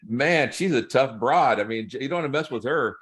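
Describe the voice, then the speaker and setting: A man, a pastor, telling humorous stories in a relaxed chat, laughing as he acts out the people in them. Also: mid-range voice, moderate pace. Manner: humorous, laughing storyteller, acts out quoted voices. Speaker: pastor and guest. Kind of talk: casual storytelling chat.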